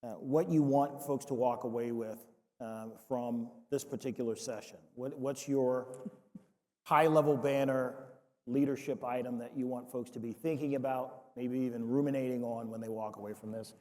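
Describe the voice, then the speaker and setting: A man moderating a conference panel, asking relaxed questions with many fillers. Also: medium pitch, normal speed. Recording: reverberant conference hall.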